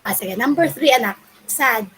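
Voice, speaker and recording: A woman's voice: fairly high pitch, lively intonation, normal speed, fairly bright tone, slight background noise, poor audio. A woman teacher from the Philippines with a Filipino accent, leading an online English class and encouraging her pupils as she switches between Tagalog and English. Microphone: video call.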